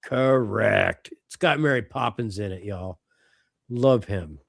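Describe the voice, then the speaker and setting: A middle-aged man co-hosting a podcast in casual chat, animated and quick to swear and laugh. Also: lowish voice, gravelly, no echo, studio quality. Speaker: podcast co-host.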